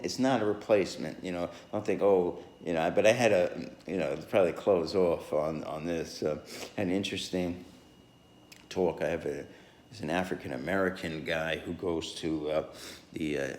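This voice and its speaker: Deep-voiced rambling man, echoey room. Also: slight background noise. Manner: rambling, many fillers and restarts, chuckles. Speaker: podcaster. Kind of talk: rambling solo podcast monologue.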